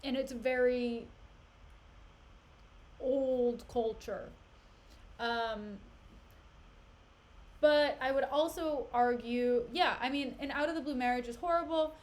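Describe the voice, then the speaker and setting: Animated chatty woman, high voice. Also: slow, long pauses. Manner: animated, chatty, laughs often. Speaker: streamer. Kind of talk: casual comic retelling of a play.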